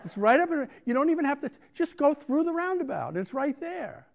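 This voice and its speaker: A pushy, cheerful rental clerk woman, as an American man puts her on in a story, her voice jumping high and bright as she waves away every complaint. She keeps insisting it is simple, with a gravelly crackle underneath. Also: sing-song, a little fast, heavily acted. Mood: breezy insistent. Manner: breezy, insistent, dismissive.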